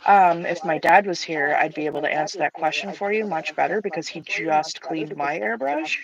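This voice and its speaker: A woman's voice: deep voice, moderate pace, gravelly, muffled recording, crowd noise. A woman hosting a live art stream, chatting casually and self-deprecatingly while she paints, with lots of fillers.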